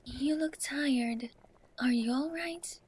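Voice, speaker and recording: A sweet, soft-spoken young wife. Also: female voice, high-pitched, slow. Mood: caring. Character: sweet, affectionate young wife in a mystery game.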